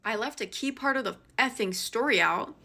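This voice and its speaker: A woman's voice: fairly high pitch, gravelly. Young woman telling a dramatic storytime. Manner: animated and dramatic, shifting between fast rushes and slow emphasis. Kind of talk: casual spoken storytime.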